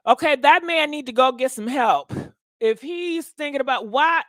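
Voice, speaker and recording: High-voiced woman ranting about celeb news, sassy and cussing, dry close sound. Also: fairly bright tone, no room sound. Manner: blunt, profane, sassy. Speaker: host. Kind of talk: casual gossip commentary.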